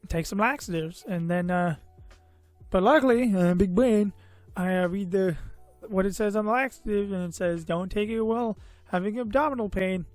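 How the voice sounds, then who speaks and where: Sharing a personal story on his vlog, a tired, slightly loopy man wanders off track, filling gaps with "uh" and "you know" and mocking himself. His voice is high-pitched with a darkish tone at a moderate pace, recorded without echo over faint background music.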